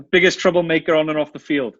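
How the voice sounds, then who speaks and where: A man hosting a podcast, asking brief quick-fire interview questions and laughing along. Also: on the high side, steady tone, a bit bright. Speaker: podcast host. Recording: dry, dull sound with faint music.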